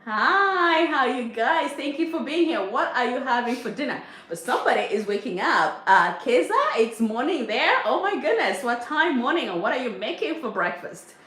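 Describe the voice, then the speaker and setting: A middle-aged mother of a large family hosts a casual livestream from her home kitchen, cooking while she chats, reads viewers' comments aloud and laughs often. Her voice sits high and is expressive and fairly bright, at normal speed with hardly any pauses. The kitchen echoes and has faint noise.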